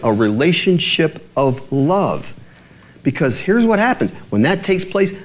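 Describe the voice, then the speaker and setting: A man's voice: on the high side, darkish tone, poor audio. A male pastor delivering a conversational sermon, often checking in with his listeners through rhetorical questions.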